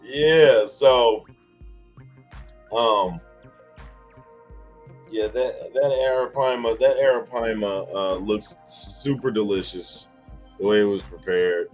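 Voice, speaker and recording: A man hosting a casual livestream chat, rambling and halting, with many fillers and restarts. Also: fairly low pitch, soft background music, low-quality recording. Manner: chuckles often between lines. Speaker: livestream host.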